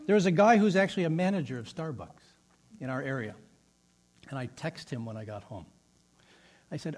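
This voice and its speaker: A middle-aged man preaching a sermon, telling a personal story with animated delivery and laughing at himself. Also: fairly high pitch, breathy edge. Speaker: pastor.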